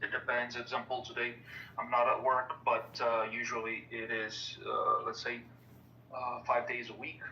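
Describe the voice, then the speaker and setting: Halting Italian-accented man, echoey and distant. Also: medium pitch, monotone, bright, forceful tone, a little hiss or hum. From Italy. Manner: halting, many restarts. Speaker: caller. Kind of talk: casual online group chat. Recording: echoey, distant, dull sound.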